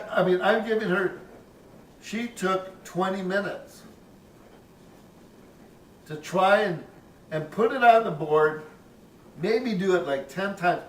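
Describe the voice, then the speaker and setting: A man's voice: high-pitched, distant mic, slight background noise. An older man casually telling a personal story, rambling and profane, with chuckles. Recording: roomy, off-mic, faint ambience.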